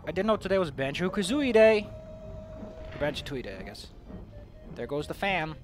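A man's voice: on the high side, sing-song, moderate pace, soft background music. A man giving casual, sarcastic commentary while streaming a video game and joking with his chat.

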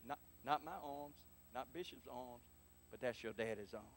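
A man preaching a prophetic sermon to a congregation in a church, calling for responses and repeating his lines, dropping to soft murmurs and then rising to loud exclamations. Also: a little high. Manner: emphatic, repetitive, swings between soft murmurs and loud exclamations. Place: church sanctuary.

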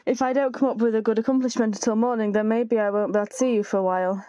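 A woman's voice: on the high side, fairly even intonation, rapid-fire, warm tone, no echo, muffled recording, natural voice. A woman reading aloud the chat lines of an anxious, self-blaming young man who pleads not to be left. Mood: pleading. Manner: pleading, apologetic.

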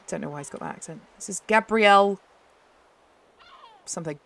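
A young woman host chatting excitedly as she plays a game, often laughing. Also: medium pitch, moderate pace, creaky, pauses often, no room sound. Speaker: gaming channel host. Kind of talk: casual gameplay commentary.

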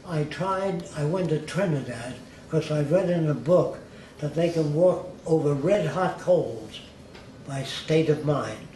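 A man's voice: on the high side, expressive, takes it slowly, warm tone. Older man telling blunt life stories. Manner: blunt, mimics accents in quoted voices. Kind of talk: conversational storytelling. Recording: roomy with faint background hiss.

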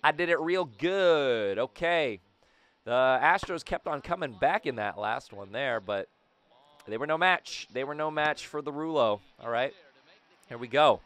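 Hyped young man, bright crisp voice. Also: mid-range voice, animated, unhurried. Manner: hyped, talks to himself and the game. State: slightly raspy throat. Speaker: gaming video host. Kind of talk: excited gameplay commentary.

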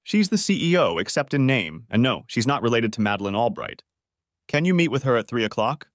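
A man's voice: mid-range voice, very animated, a little fast, no echo, studio quality, natural voice. A man doing a helpful, matter-of-fact businessman.

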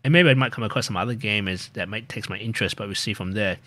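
A man's voice: lowish voice, fast talker, bright, forceful tone. A gaming streamer chatting casually at the end of his stream, rambling with plenty of fillers and restarts.

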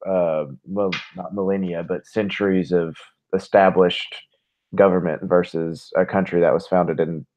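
A man co-hosting a casual podcast chat, talking haltingly and repeating words as he thinks. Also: deep voice, fairly even intonation, a little mellow, a little hiss or hum. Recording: tinny phone-like line.

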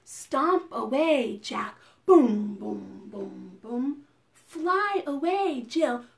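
Speaking very slowly in a gravelly, slightly high voice, a children's librarian reads and chants rhymes for a preschool storytime. Her manner is animated and sing-song.

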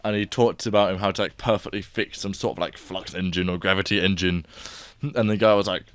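A man's voice: sits low, steady tone, brisk, fairly bright tone. A man co-hosting a podcast, telling stories in loose casual chat and swearing freely. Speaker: podcast co-host.

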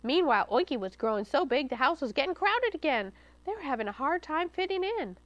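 Woman librarian reading a children's story aloud, high voice and lively, in a dry studio. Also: brisk, dry recording, poor audio. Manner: lively and expressive. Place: studio taping for local cable TV.

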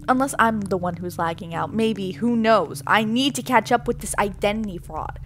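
A young woman gaming streamer chats playfully and dramatically to her viewers during gameplay, full of sass and exaggerated reactions. Her voice is a little high, at normal speed with hardly any pauses, over slight background noise.

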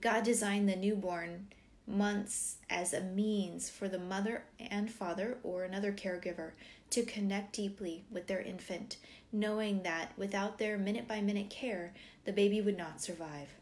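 A woman's voice: medium pitch, steady tone, normal speed, a little mellow, slight background noise. Woman reading aloud a parenting book. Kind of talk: reading aloud with personal asides.

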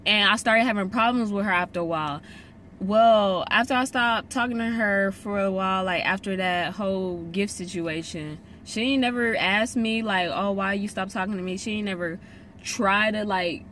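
A woman's voice: mid-range voice, normal speed, a bit bright, slight background noise. A young woman telling a story to camera in a casual vlog, emphatic and slangy, often repeating herself for stress. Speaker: vlogger.

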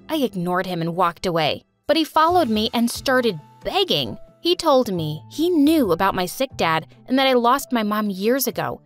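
A young woman narrating her own animated story in a dramatic, sarcastic first-person way. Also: a little high. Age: young adult.

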